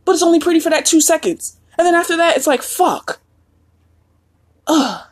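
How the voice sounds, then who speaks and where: A woman's voice: very high-pitched, steady tone, rapid-fire. A woman in her thirties hosting a podcast, talking in a candid, profane, casual monologue and laughing often. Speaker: podcast host.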